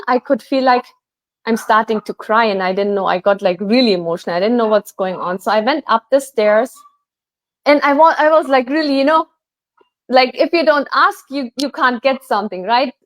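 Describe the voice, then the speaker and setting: Chatty higher-voiced woman telling a story. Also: no room sound. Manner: animated, chatty, many fillers like "like" and "you know". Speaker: guest healer. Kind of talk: casual storytelling.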